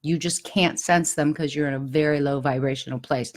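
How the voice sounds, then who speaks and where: A woman's voice: sits low, a little fast. A middle-aged woman hosting a podcast, giving an earnest, confiding personal spiritual talk. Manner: earnest, confiding, animated when recalling pleas. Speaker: podcast host.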